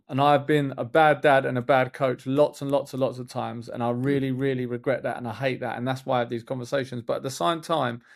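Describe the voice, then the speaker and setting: A man, hosting a casual podcast and telling stories in a rambling, animated way with frequent restarts. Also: medium pitch, vocal fry. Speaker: podcast host and youth football coach.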